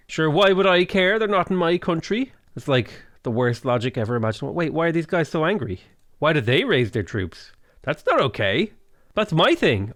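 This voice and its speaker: Lively joking man gaming. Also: on the high side, no room sound, clean studio sound. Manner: joking, rambling asides, self-interrupting. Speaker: gaming YouTuber. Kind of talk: strategy game commentary.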